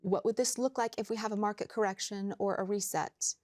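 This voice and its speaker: A woman financial advisor on a talk show, explaining money matters in measured, plain steps. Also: medium pitch, steady tone, a little mellow.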